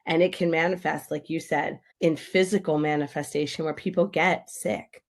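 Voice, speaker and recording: A woman guest on a podcast, speaking as a grief expert in an emphatic, animated way. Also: sits low, normal speed. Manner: animated, emphatic, acts out quoted voices. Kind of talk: podcast interview.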